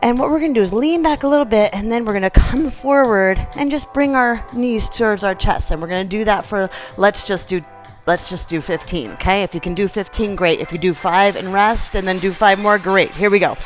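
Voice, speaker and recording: A woman fitness instructor leading a gentle exercise class, chatty and encouraging, counting reps aloud. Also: mid-range voice, a little fast, hardly any pauses, soft background music, poor audio. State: out of breath at times.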